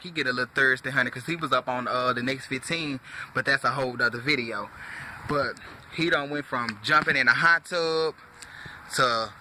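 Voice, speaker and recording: A man's voice: mid-range voice, sharp tone, a little hiss or hum. A man ranting sassily to camera about a reality show, tacking a drawled "honey" onto nearly every phrase. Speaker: reality TV commentator. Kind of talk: sassy casual rant to camera.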